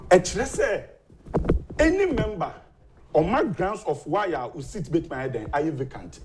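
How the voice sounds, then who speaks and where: Animated man arguing a legal point. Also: fairly high pitch, measured pace, noisy background. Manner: emphatic, rising and falling, mixing languages. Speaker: political guest. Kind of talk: animated political talk.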